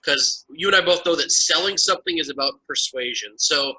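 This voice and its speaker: A man's voice: a little high, brisk, sharp tone, slightly rough, rough recording. A man hosting an interview, asking questions in an upbeat way and summing up the guest's points. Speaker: interview host.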